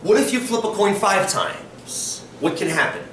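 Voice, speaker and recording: A statistics teacher with a high-pitched voice speaks a little slowly, lecturing with energy and often quizzing the class. The distant room recording picks up classroom echo and slight background noise.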